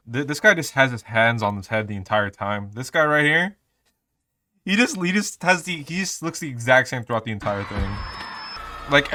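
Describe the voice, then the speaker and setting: A man's voice: medium pitch, bright, forceful tone. A young man in his twenties reviewing movies in casual, rambling chat, full of fillers and swearing. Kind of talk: casual vlog commentary.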